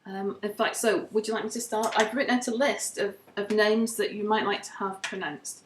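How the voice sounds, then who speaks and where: A woman tutoring in Egyptology, speaking in a measured, plain-spoken way in casual teaching chat. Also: medium pitch, fairly even intonation, a little hiss or hum. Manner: measured, plain-spoken, reads names from a list. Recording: echoey room.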